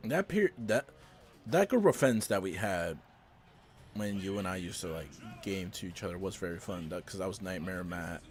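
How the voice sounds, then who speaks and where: A man's voice: deep voice, animated, moderate pace, soft background music. A young man chatting casually on a game stream, rambling with lots of filler words. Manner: rambling, talks to a friend with many fillers.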